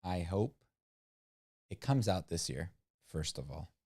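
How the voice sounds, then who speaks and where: A man co-hosts a casual livestream, rambling skeptically and filling his talk with lots of "like" and "um." His voice is deep, husky, and a little mellow, and he speaks slowly but expressively.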